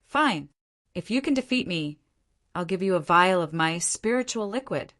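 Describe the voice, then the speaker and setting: A woman voicing a stubborn, furious male rock-spirit emperor in an audiobook, shouting in a raised voice. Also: on the low side, expressive, moderate pace. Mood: angry.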